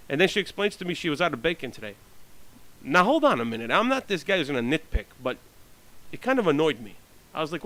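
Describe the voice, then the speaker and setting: A man's voice: fairly high pitch, big pitch swings, fast, fairly bright tone, low-quality recording. A man telling rambling stories in a blunt, profane monologue, full of fillers and restarts. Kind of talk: ranting storytelling monologue.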